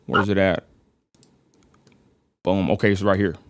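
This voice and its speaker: A man's voice: sits low, flat delivery, measured pace, clear, resonant tone, dry recording. A man with a West Texan accent hosting a casual livestream, rambling and apologetic, constantly addressing his viewers as y'all. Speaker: livestream host.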